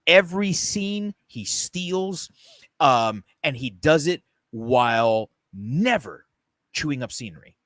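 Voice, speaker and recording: A man's voice: fairly high pitch, expressive, takes it slowly, a bit bright, dry recording, clean studio sound. A man co-hosting a podcast, talking emphatically in casual chat and swearing freely. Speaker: podcast co-host.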